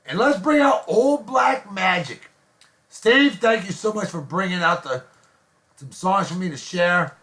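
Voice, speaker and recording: A man hosting a casual online show, gushing jokey praise and shout-outs to friends. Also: high-pitched, animated, unhurried. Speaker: host of a daily beer and music show.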